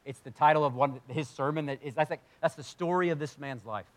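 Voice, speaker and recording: A pastor preaches to his congregation in a church hall, earnest and conversational, his voice swinging between loud emphasis and hushed tones. He speaks fairly quickly, pitched on the high side.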